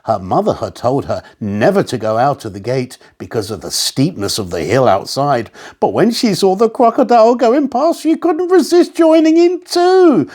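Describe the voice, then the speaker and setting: A man reading a funny children's story aloud as narrator, expressive and playful. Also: high voice, normal speed, hardly any pauses.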